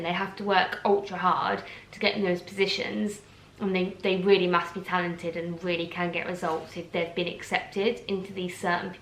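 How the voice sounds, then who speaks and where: A woman's voice: fairly low pitch, fairly bright tone, echoey room, a little hiss or hum, low-quality recording. A young woman from Essex with an Essex accent, ranting casually to camera in heated bursts. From England, Essex. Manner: heated, talks in bursts with restarts. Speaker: vlogger.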